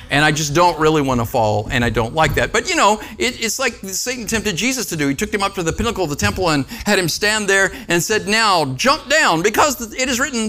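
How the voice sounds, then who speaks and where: A man's voice: medium pitch, fairly bright tone. A man preaching a conversational sermon as a pastor, with joking asides and frequent calls of "Amen?" and "right?" to the congregation.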